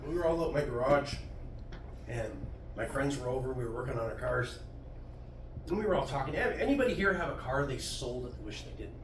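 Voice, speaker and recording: Crude stand-up comic on a club stage. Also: male voice, mid-range voice, animated, brisk, distant mic. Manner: crude, self-deprecating storytelling. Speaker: stand-up comedian. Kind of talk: stand-up comedy set. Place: comedy club stage with audience. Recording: roomy club sound from afar, noisy.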